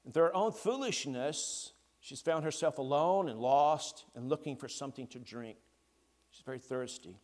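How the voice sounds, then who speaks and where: A man preaching a sermon, slow and deliberate with long pauses between phrases. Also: mid-range voice, darkish tone.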